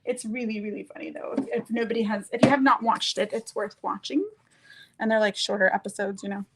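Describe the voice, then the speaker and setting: A woman's voice: mid-range voice, fairly even intonation, a little fast, very noisy. A woman chatting casually while doing her makeup on a stream, rambling and searching for words as she goes.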